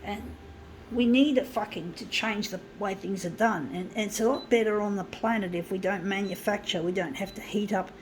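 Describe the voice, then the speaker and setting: A woman's voice: medium pitch, normal speed, a little hiss or hum. Profane, ranting woman vlogger. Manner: profane, ranting, shouts and then drops to muttering. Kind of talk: angry rant to camera.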